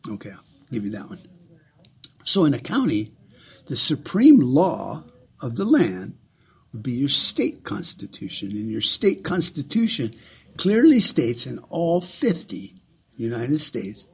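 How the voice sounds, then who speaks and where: Man, husky voice, swings up and down a lot, profane sarcastic rant. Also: medium pitch. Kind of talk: ranting monologue.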